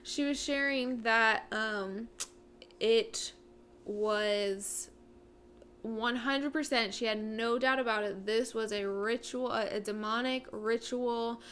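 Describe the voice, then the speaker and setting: A woman's voice: on the high side, fairly even intonation, takes it slowly, fairly bright tone, a little hiss or hum. A young woman co-hosting a casual talk show, speaking earnestly and with many fillers. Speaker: co-host. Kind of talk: casual chat.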